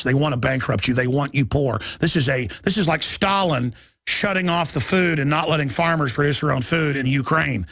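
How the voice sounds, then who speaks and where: A middle-aged man hosting a political talk radio show, ranting urgently and reading headlines aloud in quick bursts. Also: a little high, fairly bright tone, no echo. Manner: urgent, alarmed, rapid-fire ranting.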